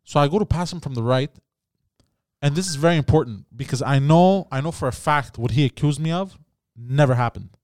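A man casually telling a story on a podcast, acting out shouted quotes with lots of swearing and "bro". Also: fairly high pitch, brisk, dry recording, clean studio sound. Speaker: podcast host.

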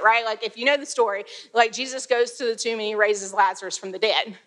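A woman leads a casual Bible teaching, reading verses and then talking through them in a chatty way. She laughs easily and often reaches for fillers. Her voice sits a little high and sounds bright. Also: fairly quick.

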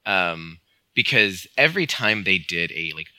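Deep-voiced man, very bright edge, rambling amused podcast co-host, dry close mic. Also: very animated, unhurried, clean tone, no room sound, poor audio. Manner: rambling, many fillers, amused. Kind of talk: casual film discussion.

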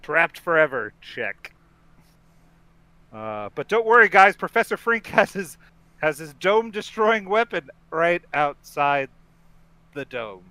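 A man's voice: a little high, sing-song, slow, pauses often, bright, forceful tone, dry recording. A man co-hosting a podcast, chatting casually through a film recap, rambling with restarts and laughing often. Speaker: podcast co-host.

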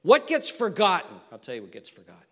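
Pastor guy preaching, fiery then hushed, keeps repeating himself, church echo. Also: high voice, wildly swooping pitch, fast talker. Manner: impassioned, swings from loud peaks to hushed near-whispers; repeats phrases for emphasis. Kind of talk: sermon.

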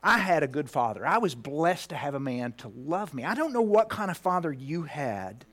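A man's voice: fairly high pitch, big pitch swings, normal speed. Heartfelt preacher man in his fifties. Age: 50s. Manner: heartfelt, drops to a hushed near-whisper at tender moments. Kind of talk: personal story in a sermon.

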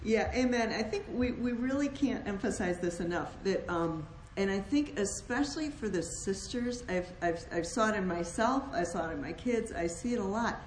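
Brief: mid-pitched woman, halting and affirming in a Christian marriage talk, echoey room. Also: lively intonation, a little hiss or hum. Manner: affirming, halting, with many restarts. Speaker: co-host, wife of the other host.

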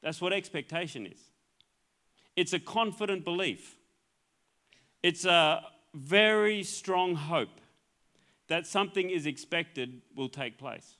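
High-voiced Australian pastor preaching. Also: male voice, lively intonation, takes it slowly, pauses often, bright, forceful tone. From Queensland, Australia. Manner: earnest, repeats words and restarts phrases. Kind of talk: sermon.

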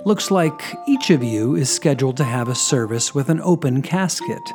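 A man's voice: mid-range voice, animated, moderate pace, a little mellow, soft background music, close to an everyday voice. A man voicing Saint Peter as a genial, officious old gatekeeper of heaven, inside a joke told during a sermon. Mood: welcoming. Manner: welcoming, officious.

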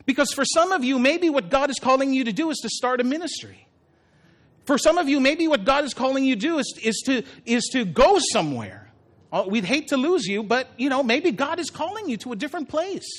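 A man with a notably high-pitched voice preaches a sermon to his church. He keeps it conversational and personal, and slips into the voices of the figures in the story as he retells it. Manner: conversational preaching, acts out Jesus' words. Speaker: pastor.

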